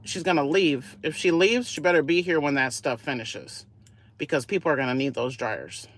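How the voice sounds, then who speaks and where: A woman live-streaming from a laundromat on her phone, giving a nosy, gossipy running commentary and often dropping to a hushed voice. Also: low voice, normal speed. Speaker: vlogger.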